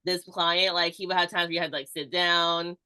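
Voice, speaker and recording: A woman's voice: fairly low pitch, flat delivery, a little fast, pushed and bright, smooth. A woman strength coach and podcast guest explaining things in a casual, easygoing way, leaning heavily on "like". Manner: explains steadily, heavy use of "like". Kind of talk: casual chat.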